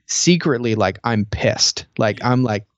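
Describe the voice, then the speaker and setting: A man's voice: medium pitch, a little slow, no echo, muffled recording. A man co-hosting a podcast in casual chat, telling stories animatedly and acting out quotes. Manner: animated storytelling, acts out quotes, many fillers. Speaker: podcast co-host.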